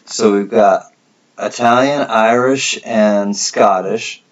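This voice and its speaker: A man's voice: lowish voice, slow pace, lo-fi sound. A man hosting a collectibles livestream, chatting casually and reading out viewer comments.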